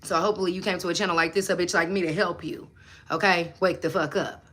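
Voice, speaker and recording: Blunt, bright-voiced woman preaching self-belief. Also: fast talker. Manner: animated, swings between loud emphasis and low asides. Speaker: manifestation coach and channel host. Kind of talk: motivational live chat answering viewers.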